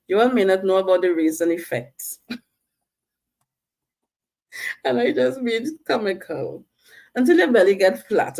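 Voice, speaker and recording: A woman's voice: mid-range voice, darkish tone. A woman vlogger talking to camera, earnest and coaching, often checking in with "right?". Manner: slow, earnest, coaching viewers directly; asks "all right?" and "right?" to check in. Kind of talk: personal talk to camera.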